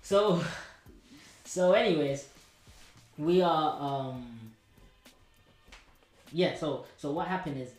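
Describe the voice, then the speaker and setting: A man's voice: a little high, drawn-out words, long pauses, darkish tone, reverberant, soft background music, poor audio. A man, hosting a podcast and telling a candid story, rambling with lots of slang and restarts.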